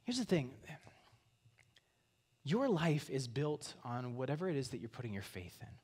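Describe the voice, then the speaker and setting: A man preaching a sermon in a church, earnest and reflective, often dropping to soft near-whispers. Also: medium pitch, big pitch swings, moderate pace, breathy edge. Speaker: pastor. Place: church sanctuary.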